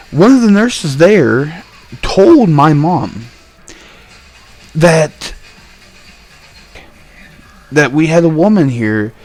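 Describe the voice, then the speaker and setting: A young man telling a story in a heated, profane, animated rant. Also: on the high side. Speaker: vlogger.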